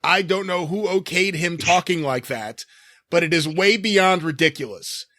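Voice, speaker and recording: A man's voice: high-pitched, moderate pace, bright, forceful tone, dry recording, studio quality. A man co-hosting a podcast, reading a listener's mocking letter aloud with sarcastic delivery.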